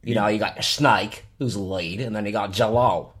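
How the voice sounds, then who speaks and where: A man playing a rambling wrangler of mythical creatures in an improvised comedy interview, halting with many fillers and calling people "mate". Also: lowish voice, breathy edge.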